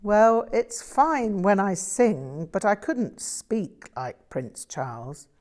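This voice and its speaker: A woman's voice: mid-range voice, big pitch swings, slow pace, a little mellow, voice pushed up. A woman voicing a modest, reflective young English man who talks about himself in a self-deprecating way.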